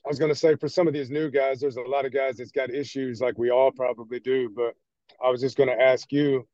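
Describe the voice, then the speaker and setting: A man's voice: mid-range voice, little pitch movement, a little fast, a little mellow, no echo, dull audio. A man in a group call, joking and laid-back, asking a question.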